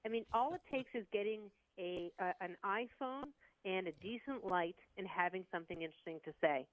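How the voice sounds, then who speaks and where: A woman in her fifties, a sports broadcaster, chatting on radio as an animated storyteller who acts out quotes. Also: mid-range voice, fairly quick, dry recording, rough recording. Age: 50s. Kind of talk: casual sports radio chat.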